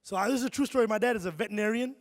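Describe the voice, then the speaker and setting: A man from Chicago performing animated stand-up comedy on a concert hall stage, often tossing "right?" to the crowd. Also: high-pitched, racing. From Chicago, USA. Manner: animated storytelling, frequent "right?" asides.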